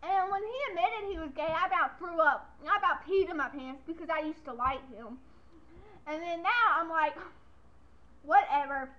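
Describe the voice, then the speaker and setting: A woman's voice: very high-pitched, moderate pace. A young woman vlogging casually to camera, chatty and giggly, rambling from one thing to the next, on lo-fi webcam audio.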